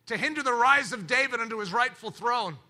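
A man's voice: very high voice, animated, a little fast, bright, forceful tone, pitched above the performer's own voice, heavily acted. A man voicing a stern, condemning voice of religion in a solemn, accusing tone.

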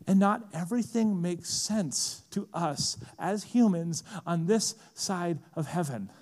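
A man preaching a sermon, swinging from quiet, low asides to impassioned, rising appeals. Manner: impassioned, rising to shouts then dropping low. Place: large event hall.

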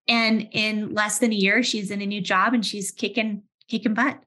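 Brief: woman, 30s, HR leader, chatty and animated, mid-pitch. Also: normal speed, hardly any pauses. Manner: animated, restarts often, vivid everyday anecdotes. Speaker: head of HR, session host. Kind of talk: conversational webinar talk.

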